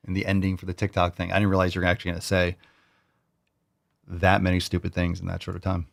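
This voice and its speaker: Low-voiced mocking male reaction host. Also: quick pace, vocal fry, no echo, studio quality. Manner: mocking, incredulous, repeats clips. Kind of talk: reaction commentary.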